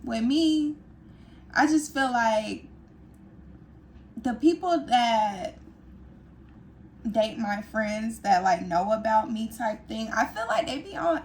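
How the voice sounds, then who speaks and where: Blunt woman podcast co-host, slightly high voice. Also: expressive, slow pace, pauses often, a little hiss or hum. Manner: blunt, talks about herself with some hesitation. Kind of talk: casual chat.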